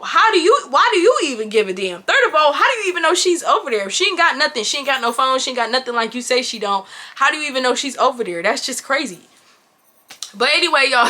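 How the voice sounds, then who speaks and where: A woman in her twenties telling a storytime vlog to her viewers in an animated, exclamatory, slangy way. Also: high-pitched. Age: 20s. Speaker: vlogger.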